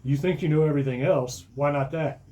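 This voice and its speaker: A man playing a yelling, fed-up father. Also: on the high side, brisk, close to an everyday voice. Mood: scolding. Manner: yelling, scolding, exasperated. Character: exasperated shouting father, middle-aged man.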